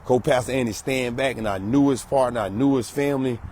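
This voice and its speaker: A man's voice: medium pitch, a little fast. Guy streaming live outside, super hyped, repeats himself a lot, bit of street noise behind. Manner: hyped, repetitive shout-outs and slogans. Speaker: solar sales promoter. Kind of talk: live outdoor promo vlog.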